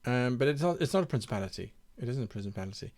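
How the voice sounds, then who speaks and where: A man running a live-streamed campaign design session as game master, reading viewers' suggestions aloud and thinking out loud, hesitating and repeating names to test them. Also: medium pitch, lively intonation, racing.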